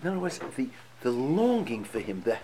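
A man's voice: medium pitch, sing-song, fairly quick, dark tone, a little hiss or hum. A man teaching a text study class, reading passages aloud and explaining them with emphatic feeling.

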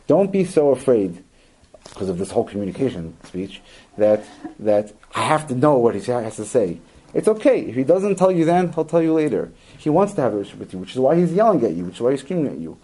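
A man's voice: medium pitch, sing-song, quick pace, dark tone, slightly rough, poor audio. A man, likely middle-aged, giving an earnest instructional talk to parents, stressing points by repeating words and acting out quoted lines. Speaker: parenting educator.

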